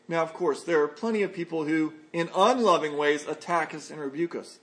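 Man, pastor, high voice, earnest measured sermon, conversational preaching. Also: a bit bright. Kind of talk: expository sermon.

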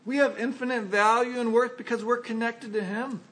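Earnest male pastor, higher-pitched, preaching with lively voiced asides. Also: moderate pace. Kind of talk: sermon.

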